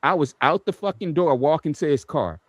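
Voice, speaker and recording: A man tells road stories in a casual, profane way and acts out the quotes loudly. His voice sits a bit high and sounds close and dry. He often restarts his lines. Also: animated, brisk, dry recording. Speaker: podcast co-host.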